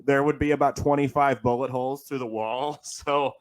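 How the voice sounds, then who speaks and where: A man's voice: medium pitch, steady tone, normal speed. A man who is a comedian and a guest on a podcast, telling stories in a laid-back way and laughing often. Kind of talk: casual chat, telling stories.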